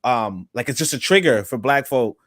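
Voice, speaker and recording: A man's voice: mid-range voice, animated, normal speed, a bit bright, no room sound. A man hosting a livestream podcast, talking in a loose, rambling way with many fillers and asides. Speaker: podcast host. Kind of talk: casual livestream talk.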